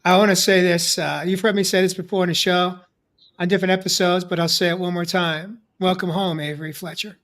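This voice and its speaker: A man with a notably high speaking voice hosts a live discussion show. He affirms and encourages his guests as he talks. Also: little pitch movement, brisk, a bit bright. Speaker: podcast host.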